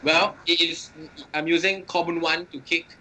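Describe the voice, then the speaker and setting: A man's voice: on the high side, flat delivery, moderate pace, sharp tone, slight background noise. A man playing in a tabletop wrestling game, hesitant and stammering as he describes his moves. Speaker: player. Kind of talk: tabletop role-play chat.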